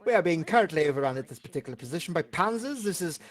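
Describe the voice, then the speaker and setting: A loud, urgent wartime commander, done by a Scottish man, shouting orders over the radio in a high voice that leaps up and down. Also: animated, racing, close to an everyday voice.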